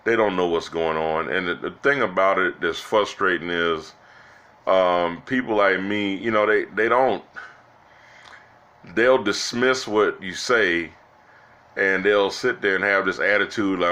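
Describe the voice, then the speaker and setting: A man's voice: deep voice, measured pace, sharp tone, dull audio. A man giving rambling, exasperated political commentary to his viewers, with many restarts, calling them "guys" and "y'all". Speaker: political vlogger.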